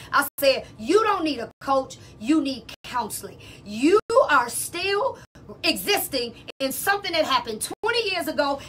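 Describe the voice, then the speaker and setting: A woman's voice: high voice, sharp tone, slight background noise. A woman, speaking as a salon business coach in a casual, emphatic talk that repeats itself and calls listeners y'all.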